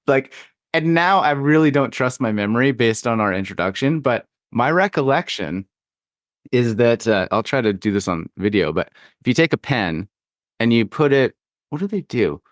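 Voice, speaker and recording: A man's voice: mid-range voice, animated, moderate pace, no room sound, clean studio sound. A man hosting a podcast interview, speaking thoughtfully with restarts and light laughter. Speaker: podcast host.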